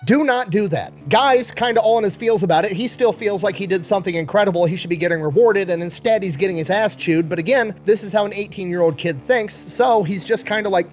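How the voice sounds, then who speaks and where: A man from the United States tells a war story in a loose, conversational way, cursing freely and leaning hard on his points. His voice sits a little higher than most men's. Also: quick pace, few pauses, faint music behind. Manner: casual, profane, emphatic storytelling. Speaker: history storyteller. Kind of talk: casual storytelling narration.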